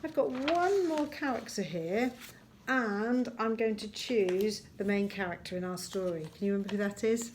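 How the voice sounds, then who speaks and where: A woman teaching a recorded lesson to young children, gentle and encouraging, slowing down to spell out words as she writes them. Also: medium pitch, slight background noise. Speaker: primary school teacher.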